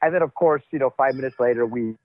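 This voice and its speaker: A man telling locker-room stories in a casual interview, animated and acting out what others said. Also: mid-range voice, quick pace, no room sound. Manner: animated storyteller, acts out quotes. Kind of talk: casual wrestling interview talk. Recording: dull, lo-fi dry audio.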